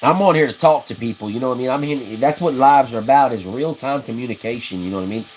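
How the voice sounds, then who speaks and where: A man's voice: mid-range voice, fast talker, rough recording. Man, livestream host, rambling, folksy, faint tool noise behind. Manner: rambling, folksy, laughs at his own stories. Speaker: livestream host building custom fishing rods. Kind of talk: casual livestream chat, reading comments.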